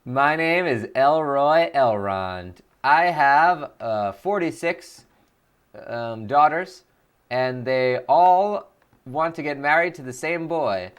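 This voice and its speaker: A man voicing a rambling, pompous old male elf lord in a slow, boastful comic voice, improvised during a game stream. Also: fairly high pitch, animated, clear, resonant tone.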